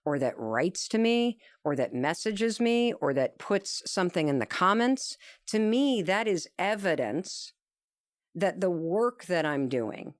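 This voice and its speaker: A woman's voice: on the low side, measured pace, no room sound, clean studio sound. A woman telling an earnest, emphatic story as a guest in an interview conversation. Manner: animated, acts out quoted dialogue.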